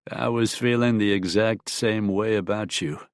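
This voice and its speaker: Guy voicing a cowboy gunfighter, low flat hard drawl, dry close sound. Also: measured pace, no echo. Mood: steely. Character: tough, calm frontier gunfighter, man. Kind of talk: audiobook character voice.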